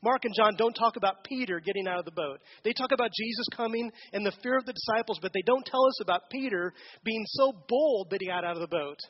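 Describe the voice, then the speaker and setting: A man's voice: sits high, fast talker, hardly any pauses, dull audio, a little hiss or hum. A man giving a conversational sermon as a pastor, asking the congregation questions during a church service.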